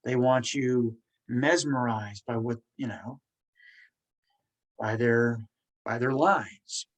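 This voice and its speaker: A podcast host with a medium-pitched voice talks slowly, casually, and encouragingly, stuttering as he repeats words and restarts. The audio quality is poor.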